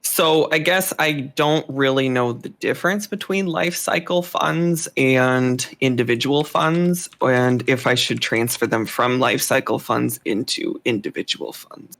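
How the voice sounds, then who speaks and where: A man in his twenties calling in to a stream with a question, hesitant and quick to laugh. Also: mid-range voice, gravelly, fairly bright tone. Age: 20s. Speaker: caller. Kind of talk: call-in question.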